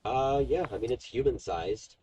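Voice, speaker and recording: A man's voice: medium pitch, normal speed, mellow, slight background noise. A man narrating as game master in a tabletop game, rambling with many ums and restarts.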